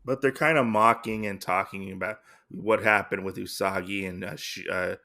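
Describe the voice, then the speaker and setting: A man's voice: low-pitched, steady tone, moderate pace, pushed and bright. A man hosting a comic podcast, recapping an issue in a rambling, casual way full of fillers.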